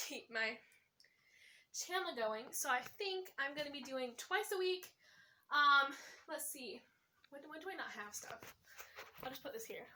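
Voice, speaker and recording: Woman vlogger, bright ringing tone, rambling casual room-tour chat into her phone. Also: sits high, a little hiss or hum. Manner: chatty and rambling, many fillers and self-corrections. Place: bedroom. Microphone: phone camera.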